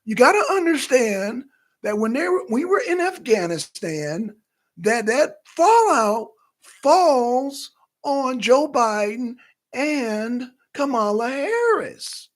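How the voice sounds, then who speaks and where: A man putting on the voice of a prim, preachy female politician, speaking in a slow, drawn-out, sing-song way. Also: extremely high pitch, very animated, voice pushed up, exaggerated voice.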